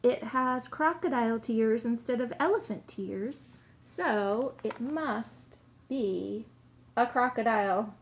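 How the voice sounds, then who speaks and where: Woman reading a sure-footed storybook detective. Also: fairly high pitch. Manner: brisk, sure of himself, exclaims. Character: clever confident male detective.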